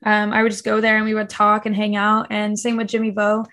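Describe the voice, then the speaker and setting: A woman's voice: mid-range voice, completely flat delivery, a little fast, a bit bright. A young woman as a podcast guest, chatting casually and acting out quotes with lots of fillers. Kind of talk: casual interview chat.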